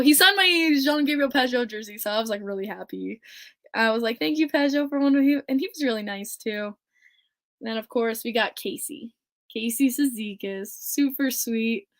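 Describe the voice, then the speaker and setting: Woman host, solo podcast, a touch high-pitched, giddy and gushing, laughs a lot. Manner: gushing, excitable, laughs often. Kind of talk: casual solo podcast chat.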